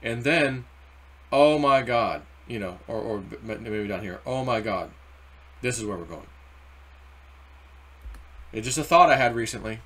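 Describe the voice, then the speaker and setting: Rambling, animated crypto vlogger man. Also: fairly low pitch, moderate pace, pauses often, husky. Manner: rambling, animated, acts out quotes. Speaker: crypto YouTuber. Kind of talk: casual chart commentary. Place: car or home desk.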